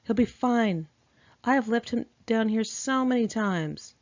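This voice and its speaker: A carefree young party girl, dismissive and breezy, as a woman reading her memoir puts her on. The voice sits a notch above the reader's own low tone and a bit louder, light and unbothered. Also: animated, unhurried, dull audio.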